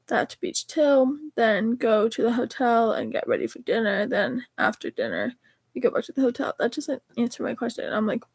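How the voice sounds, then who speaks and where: A woman's voice: a little high, creaky, slightly rough, dry recording. A teenage girl chatting casually, rambling and correcting herself as she reads old text messages aloud. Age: teens. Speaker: vlogger. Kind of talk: casual chat reading texts aloud.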